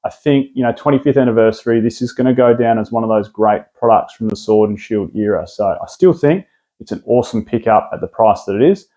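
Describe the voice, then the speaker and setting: Australian male host, mellow tone, chatty and rambling with restarts, keen on his picks. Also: lowish voice, fairly quick. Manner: rambling, enthusiastic, lots of restarts and fillers. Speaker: card collecting video host. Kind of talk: casual product rundown.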